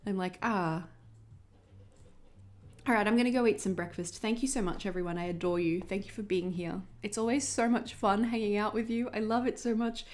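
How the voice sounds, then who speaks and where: Australian woman, young adult, casual livestream host, chatty and bubbly, mid-pitched voice. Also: steady tone, normal speed, a little mellow. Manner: chatty, bubbly, talks to chat viewers.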